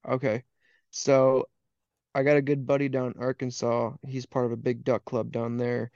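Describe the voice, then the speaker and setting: A young Wisconsin hunting guide with an Upper Midwest accent chats casually as a laid-back podcast guest, laughing easily and acting out what people told him. His mid-range voice is flat and darkish at a moderate pace, recorded with no room sound and the highs cut off.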